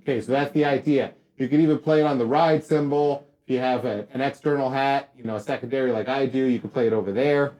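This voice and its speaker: A man giving a casual drum lesson, talking straight to viewers in a relaxed, upbeat way. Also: medium pitch, fast, hardly any pauses, dull audio, a little hiss or hum. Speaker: drum teacher. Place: drum studio.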